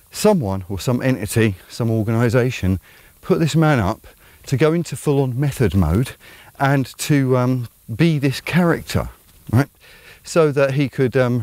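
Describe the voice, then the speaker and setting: A man's voice: mid-range voice, a little mellow, no echo. A man with an Estuary English accent hosting his own channel, talking through an opinionated commentary in a rambling, conversational way full of ums. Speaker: channel host.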